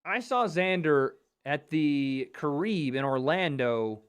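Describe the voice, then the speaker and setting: Male livestream host, chatty and profane, a little higher-pitched than most men, on a dynamic mic at a home setup. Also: expressive, slow pace, clear, resonant tone. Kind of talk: casual live commentary.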